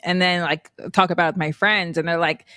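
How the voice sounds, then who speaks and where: A woman's voice: lowish voice, steady tone, moderate pace, pushed and bright, no room sound. A woman hosting a podcast interview, chatting casually, laughing easily and using many fillers. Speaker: podcast host.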